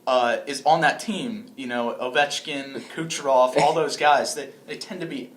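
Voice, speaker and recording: A man's voice: mid-range voice, moderate pace. Rambling young man on a podcast. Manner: rambling, many restarts and laughs. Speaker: podcast co-host. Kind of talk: casual podcast chat.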